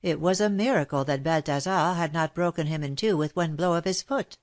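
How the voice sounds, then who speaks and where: A woman with a deep voice reads a classic novel for an audiobook. Her scripted narration is steady and measured.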